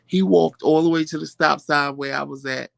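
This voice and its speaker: A woman hosting a vlog, telling viewers a story in a casual, animated way and often repeating phrases for emphasis. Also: deep voice, moderate pace, vocal fry, no echo. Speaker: vlog host.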